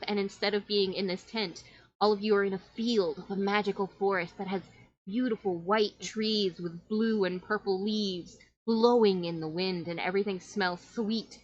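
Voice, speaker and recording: A woman's voice: medium pitch, no room sound, highs cut off. Woman narrating as game master, dry sound. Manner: flowing descriptive narration.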